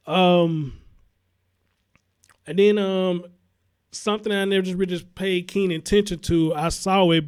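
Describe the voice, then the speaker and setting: This high-pitched male voice is a little mellow, with a clear, resonant tone. He is a talk show host on a live-stream commentary show, cursing heavily and speaking in a blunt, heated way while greeting viewers.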